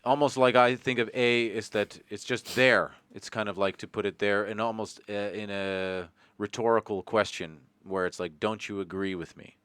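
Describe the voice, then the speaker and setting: A Canadian man with a low, smooth, resonant voice, rambling through a casual podcast chat full of jokes and the odd swear word. The sound is dry and close, with almost no room around him. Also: steady tone, normal speed, few pauses, a bit bright, dry recording. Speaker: podcast host.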